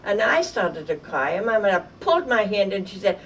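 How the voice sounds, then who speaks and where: An older woman from Germany telling a vivid, halting story from her childhood in an oral history interview. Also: mid-range voice, very animated. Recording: distant mic with faint noise.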